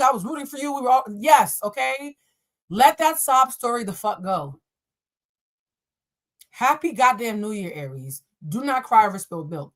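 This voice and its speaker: A woman's voice: a little high, fairly bright tone. A young adult woman hosting a live tarot reading, answering chat questions in a blunt, profane and playful way. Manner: blunt, profane and playful, addressing viewers as y'all. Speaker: tarot reader and live stream host.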